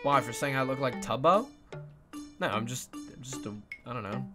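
A sleep-deprived man from Canada, chatting with his livestream viewers in an excitable, swearing way with sudden yelps. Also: mid-range voice, normal speed, music in the background. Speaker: streamer. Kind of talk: livestream chat reading viewer messages.

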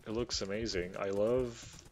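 Low-voiced excitable gamer man. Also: a little slow, slight background noise. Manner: chatty, excitable, swears casually. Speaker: gaming YouTuber. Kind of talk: casual gameplay commentary.

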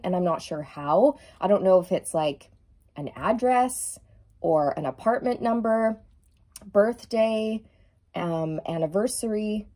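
A woman doing an effusive, emphatic tarot reading, stretching out key words and now and then singing a lyric softly. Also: mid-range voice. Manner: sings song lyrics softly at times. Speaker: tarot reader.

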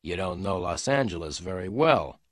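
A man reading an audiobook as a hard-boiled male private detective who speaks quietly and levelly. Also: lowish voice, lively intonation, moderate pace, no echo. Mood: calm.

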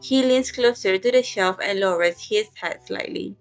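A woman calmly narrating a romance story in second person and reading the heroine's lines in a soft, even voice. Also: mid-range voice, normal speed, gravelly, soft background music.

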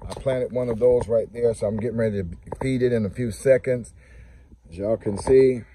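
A man's voice: medium pitch, steady tone, normal speed, background noise. Chatty man touring his yard. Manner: chatty, talks to viewers and scolds his ducks. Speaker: homestead vlogger. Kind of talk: casual garden tour. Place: outdoors in a yard.

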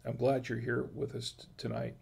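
A man's voice: medium pitch, monotone, moderate pace, gravelly, a little mellow, slightly rough. A middle-aged man hosting a wine livestream, chatting casually with many restarts and reading viewer comments aloud. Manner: rambling, many restarts and fillers; reads viewer chat aloud. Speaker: livestream wine show host.

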